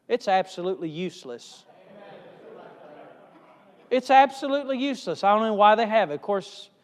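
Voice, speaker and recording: A male evangelist preaching a sermon with emphatic swings in pitch and loudness, recorded in a church hall. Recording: reverberant hall.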